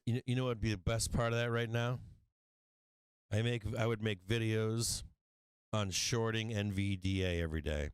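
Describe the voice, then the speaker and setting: A man's voice: lowish voice, clear, resonant tone, dry recording. Blunt, profane man hosting a trading stream. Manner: blunt, profane, laughs often. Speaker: stock market livestream host. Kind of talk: casual trading livestream talk.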